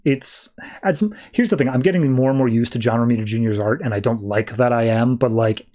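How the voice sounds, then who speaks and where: A man's voice: medium pitch, brisk, dark tone. A man hosting a comic book podcast, chatty and casual, retelling plots. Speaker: podcast host.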